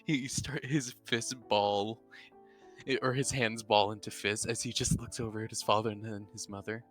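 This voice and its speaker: A man narrating his character's actions in a live tabletop role-play, with lively, descriptive telling and frequent restarts. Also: fairly low pitch, normal speed, faint music behind. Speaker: player.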